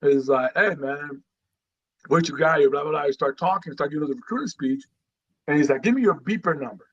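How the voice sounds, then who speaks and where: A middle-aged man from Guatemala, a retired Marine telling his story as a guest in a casual podcast interview, animated and full of "you know"s. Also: on the high side, fairly quick, breathy edge, highs cut off.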